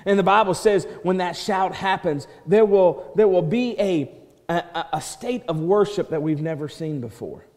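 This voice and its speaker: A male pastor preaching a sermon, swinging from loud proclaiming to soft hushed quoting and restarting words as he builds a point. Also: high-pitched, lively intonation, moderate pace. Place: church sanctuary. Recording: church hall reverb.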